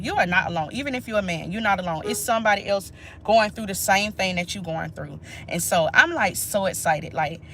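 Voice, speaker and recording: A woman's voice: mid-range voice, a bit bright, slight background noise. A woman, chatting casually and emphatically to her viewers during a live stream. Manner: chatty, emphatic, talks straight to viewers as "y'all". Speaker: nurse and channel host.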